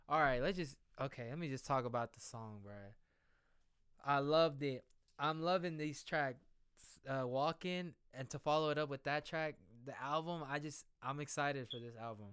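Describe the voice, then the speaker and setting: A man reacting to a new song in a casual, excitable, slangy way, thinking out loud as he listens. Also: fairly high pitch, clean tone, no echo, studio quality. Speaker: music reaction vlogger. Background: music playing.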